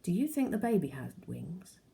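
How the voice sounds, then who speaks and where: Questioning young boy as a woman reads him, dark voice. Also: on the low side, big pitch swings, normal speed, vocal fry, a little hiss or hum. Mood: curious. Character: boy, curious and troubled.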